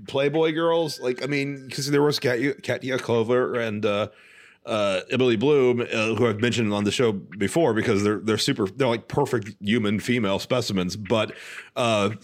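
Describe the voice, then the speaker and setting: A man co-hosting a podcast, chatting casually over a movie in a crude, meandering, halting way. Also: mid-range voice, steady tone. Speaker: podcast co-host.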